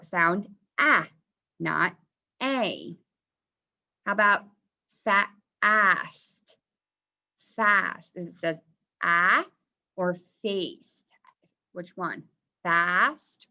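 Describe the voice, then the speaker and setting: A woman teacher slowly sounding out vowels in a phonics lesson. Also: fairly low pitch, pushed and bright, muffled recording. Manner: slow, drawn-out sounding out of vowels.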